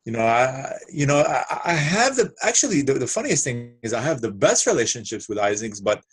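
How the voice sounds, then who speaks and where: A man talking as a guest in a casual discussion, halting and starting over often. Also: mid-range voice, breathy edge. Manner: halting, full of restarts and fillers, animated.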